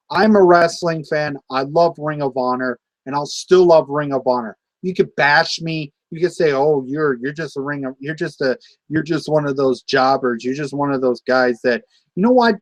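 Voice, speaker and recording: A man's voice: fairly high pitch, no echo, low-quality recording. A man in his late twenties ranting angrily to camera about wrestling fans, swearing and repeating himself. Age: 20s. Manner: angry, profane, repeats himself. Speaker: wrestling vlogger.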